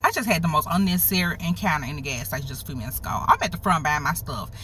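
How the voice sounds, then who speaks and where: A woman in her thirties telling a storytime vlog in a sassy, profane, animated way. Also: sits low, racing, a little hiss or hum. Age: 30s.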